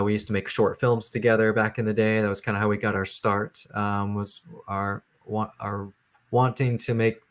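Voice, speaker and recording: Brief: low, even-toned male writer, halting interview talk, lots of fillers. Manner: halting, many fillers and restarts. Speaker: comic book writer, guest.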